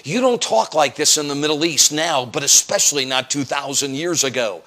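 A man's voice: on the high side, expressive, moderate pace. An American man, an evangelist preaching an emphatic sermon in church, firing off rhetorical questions and acting out quotes. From United States. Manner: emphatic, rhetorical questions, acts out quotes, sometimes raises voice to a shout. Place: church, evening service.

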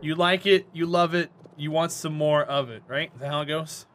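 A man's voice: fairly high pitch, steady tone, normal speed, fairly bright tone, slight background noise. A man with a North Carolina Southern accent, chatting and teasing viewers playfully while live-streaming a game. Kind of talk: live-streamed gameplay chat.

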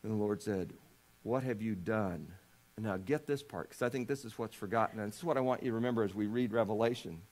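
A man preaching a sermon, telling scripture quietly and then rising to loud, fervent appeals, often asking his listeners rhetorical questions. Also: lowish voice, quick pace. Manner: swings from hushed storytelling to shouting fervor; asks the congregation rhetorical questions. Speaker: pastor.

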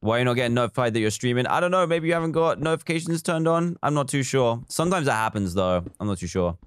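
A man's voice: mid-range voice, animated, quick pace, clean tone, no echo. A man live streaming a building game, chatting casually, reading viewer comments aloud and counting blocks as he works.

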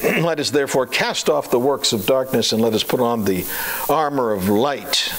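A man preaching a sermon, chatty and full of fillers and rhetorical questions, slowing down to a deliberate cadence for scripture readings. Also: medium pitch, lively intonation, a bit bright, rough recording. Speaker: pastor.

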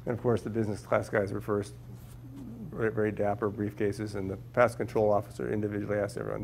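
Male guest scientist from Minnesota, raspy low voice, wry storytelling with restarts. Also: flat delivery, fast talker, darkish tone, slight background noise. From Minnesota, USA. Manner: humorous storyteller, repeats words while finding them. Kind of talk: anecdotal talk to a class. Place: lecture room with a live audience.

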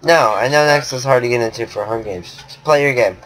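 A man's voice: mid-range voice, brisk. Offhand, joking sick male gamer. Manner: offhand, joking, bossy with his friend. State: sick, coughing. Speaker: channel host. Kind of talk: casual gaming chat.

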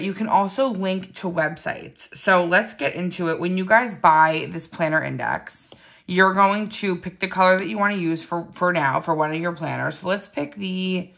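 Groggy low-voiced young woman, gravelly fry. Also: fairly bright tone. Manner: chatty, friendly, with frequent ums and likes. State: groggy morning voice, just woke up. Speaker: digital planner seller and tutorial host. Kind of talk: casual app tutorial.

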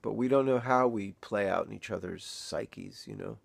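Older man, grieving father, gravelly voice, halting and emotional video-diary delivery. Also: on the low side, no room sound. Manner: halting, reflective, pausing often. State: emotional, near tears.

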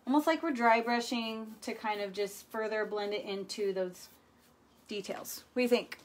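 A woman with a fairly high voice leads a live furniture painting demo. She is chatty and playful, and she keeps checking in with her viewers. Her delivery is relaxed and conversational as she explains each step. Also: moderate pace, slight background noise.

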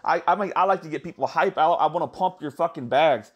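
A man talking fast and excitedly in a casual vlog, swearing a lot and calling his viewers "guys.". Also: a little high, breathy edge, lo-fi sound. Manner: excited, profane, repeats "guys". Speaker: crypto YouTuber.

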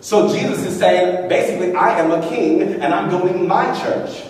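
A man's voice: high voice, moderate pace, a little mellow, far from the mic. A male pastor preaching a sermon emphatically, calling on the congregation to answer back and acting out quotes. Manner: emphatic, call-and-response preaching with acted-out quotes. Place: church hall. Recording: echoey hall, mic from afar.

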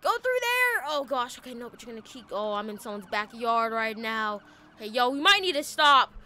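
A woman commentating a police chase in a game, frantic and panicky, often shouting and repeating herself. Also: on the high side, big pitch swings, a little fast. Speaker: gaming video creator.

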